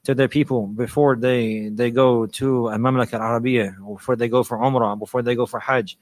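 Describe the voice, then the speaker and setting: Fast-talking male preacher, dry sound. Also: medium pitch, steady tone, no echo. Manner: repeats phrases for emphasis, mixes in Arabic phrases. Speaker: Islamic preacher and teacher. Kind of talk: religious lecture.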